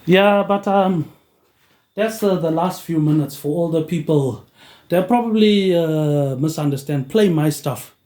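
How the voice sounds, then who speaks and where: A man's voice: a little high, measured pace, darkish tone, echoey room. A man hosting his own show in a rambling monologue, tagging lines with "mate, eh" in a dropping tone. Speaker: podcast host.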